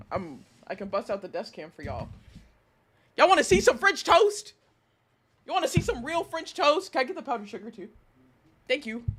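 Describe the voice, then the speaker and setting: Woman streamer, bright and high, animated rants. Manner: animated, outraged ranting with laughs. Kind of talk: casual live-stream chat.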